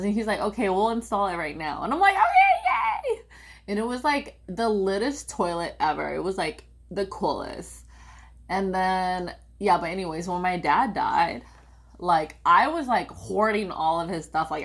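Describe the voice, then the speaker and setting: A young woman telling a personal family story in a casual, rambling way, full of "like" and animated quotes of her parents. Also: fairly low pitch. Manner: rambling, heavy use of "like", animated quoting of family.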